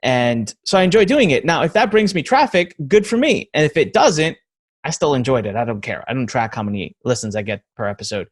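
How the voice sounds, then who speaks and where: A man's voice: mid-range voice, big pitch swings, brisk. A man in his thirties hosting a podcast interview, talking in an easygoing, joking way. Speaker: podcast host.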